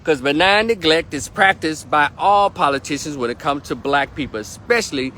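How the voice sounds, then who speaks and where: A man's voice: fairly high pitch, lively intonation, moderate pace, bright, forceful tone. A man delivering a heated, profane opinion rant as a political commentator, hammering points home by repeating them. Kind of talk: ranting opinion vlog.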